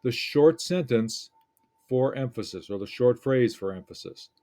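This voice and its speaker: A man teaching a lesson, picking apart an essay in a deliberate, reflective way with frequent pauses. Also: mid-range voice, animated, dark tone.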